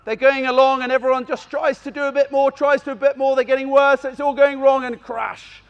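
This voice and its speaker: A man working as a gundog trainer, giving live commentary to an audience at an outdoor country fair, expressive and animated in how he talks. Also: very high voice, brisk, highs cut off. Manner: expressive and animated, acts out calls to the dogs.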